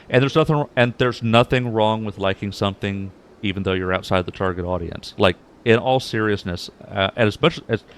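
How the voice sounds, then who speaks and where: A man's voice: fairly low pitch, normal speed. A man streaming live, chatting casually with his viewers in a rambling way, full of fillers and restarts. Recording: faint music behind. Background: faint background music.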